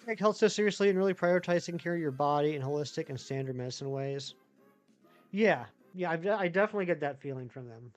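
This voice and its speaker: Male streamer, casual chat with viewers, rambling, slightly higher voice. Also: lively intonation, fast talker, faint music behind. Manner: rambling, many fillers and restarts. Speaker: live streamer.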